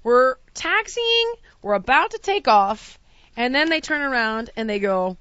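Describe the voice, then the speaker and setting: A woman hosting a casual chat, and her voice is bright and forward, close and dry to the mic. She tells stories with lively swings, jumping up into shouty acted-out quotes, and the sound is slightly dull and lo-fi. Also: moderate pace, dry recording. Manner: animated, acts out quotes with big pitch jumps and shouts. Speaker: podcast host.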